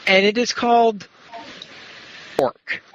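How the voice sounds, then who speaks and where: A man's voice: high-pitched, slow pace, a little hiss or hum. A man hosting a podcast in casual chat, reading goofy verse in a playful, giggly, hammy way over dull lo-fi call audio. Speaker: podcast host.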